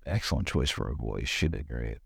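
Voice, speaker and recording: Man, laid-back podcast co-host, rambling movie chat, low pitch, dead dry sound. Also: fairly quick, vocal fry, husky, no room sound. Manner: relaxed, rambling, mild swearing. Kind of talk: casual movie review chat.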